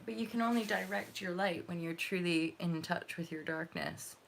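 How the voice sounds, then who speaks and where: Young woman from Canada, tarot reader; rambling, sweary, laughs easily, slightly low pitch. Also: normal speed, creaky, slight background noise. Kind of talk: casual livestream reading and chat.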